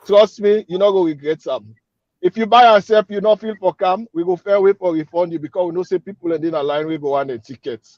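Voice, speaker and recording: Man, Sierra Leonean Krio accent, high voice, persuasive and upbeat, dry dull lo-fi recording. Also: fairly quick, darkish tone, dry recording. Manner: upbeat, persuasive, repeats his calls to act. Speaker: event organizer. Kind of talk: radio interview guest.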